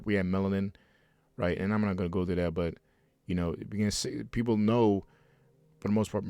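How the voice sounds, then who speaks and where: A man with a very low voice preaches a heated sermon from home, breaking into fiery asides and frequent restarts between scripture readings. The sound is dry, with almost no room around him. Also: darkish tone, dry recording.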